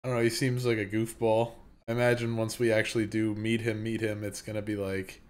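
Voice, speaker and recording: A man with a somewhat low voice co-hosts a podcast about comics. He talks in a relaxed, easygoing way. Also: a little fast. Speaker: podcast co-host. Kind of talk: casual manga review chat.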